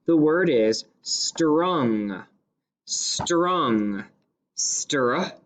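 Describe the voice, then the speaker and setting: A male teacher leading a phonics lesson, sounding out each word slowly and deliberately. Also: medium pitch, big pitch swings, slight background noise. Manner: slow, deliberate sounding-out of words. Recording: slightly dull lo-fi classroom recording.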